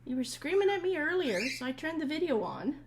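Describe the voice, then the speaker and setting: A woman's voice: high-pitched, very animated, brisk, heavy background noise. Woman cooing at parrots over squawking. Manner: cooing, sing-song baby talk to birds. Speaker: pet bird owner vlogger. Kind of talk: casual talk to pet birds. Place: home room with pet parrots. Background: screeching parrots.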